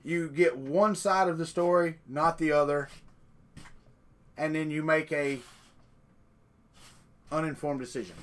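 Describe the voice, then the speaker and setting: A man's voice: on the high side, steady tone, unhurried, long pauses. A man hosting a live stream, chatting casually in a folksy, rambling way. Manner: folksy, rambling, talks off the cuff.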